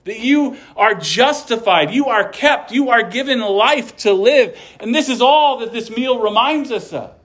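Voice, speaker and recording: Man, pastor, sermon, high-pitched, earnest, wry asides. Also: expressive, measured pace, hardly any pauses, fairly bright tone. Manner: earnest, with light humor.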